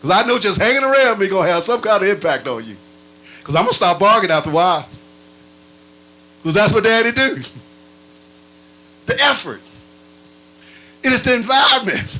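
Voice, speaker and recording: A male preacher with a high, bright voice delivers a sermon in a lively, playful manner. His pitch leaps up and drops low again, and now and then he breaks into barking sounds. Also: brisk, pauses often, poor audio.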